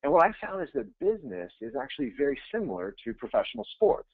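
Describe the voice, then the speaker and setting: A man, a real estate coach, giving an energetic, conversational webinar presentation and repeating phrases for emphasis. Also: on the high side, fast talker, no room sound. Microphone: webinar audio feed. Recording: tinny phone-like line, dry.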